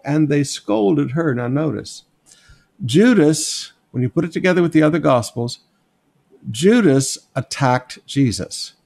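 A man's voice: on the high side, creaky, darkish tone. A man teaching a Bible passage verse by verse in a conversational, emphatic sermon style, often stopping to point things out to listeners. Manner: conversational, emphatic, asks "notice" and "okay?"; sketches on a board while teaching. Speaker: pastor.

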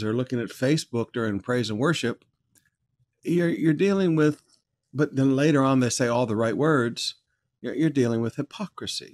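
A man's voice: mid-range voice, darkish tone. A man pastor preaching a verse-by-verse sermon in church, teaching in a conversational way and growing emphatic when he reads scripture aloud.

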